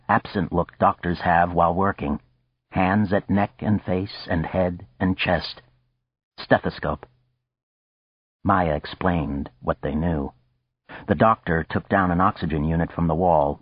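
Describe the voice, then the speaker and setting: A male audiobook narrator with a low, husky voice who reads in a steady, deliberate way. He is recorded close and dry, and the audio sounds slightly dull and muffled. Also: no echo. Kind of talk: scripted narration of a novel.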